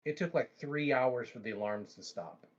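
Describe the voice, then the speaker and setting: A man hosting a livestream, telling a long story in a casual, animated way with frequent restarts and asides. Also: mid-range voice, moderate pace, highs cut off. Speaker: livestream host.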